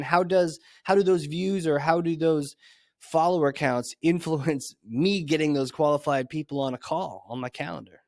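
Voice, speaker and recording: A man's voice: mid-range voice, moderate pace, no echo, clean studio sound. A man hosting a podcast, talking in a hyped, playful way with casual swearing and banter. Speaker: podcast host. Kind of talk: energetic podcast interview.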